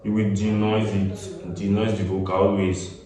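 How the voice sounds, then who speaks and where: Speaking flatly at a moderate pace, the Nigerian man's fairly low voice carries over a crowd in the background as he casually walks through recording music. He chats, repeats points, and adds Pidgin asides like "get me?", all captured far from the mic in a small, echoey room.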